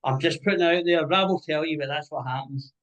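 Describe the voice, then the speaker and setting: Scottish man, lively interviewer. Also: a little high, quick pace, lo-fi sound. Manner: animated storyteller, swears and jokes. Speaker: music interviewer. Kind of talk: casual interview chat.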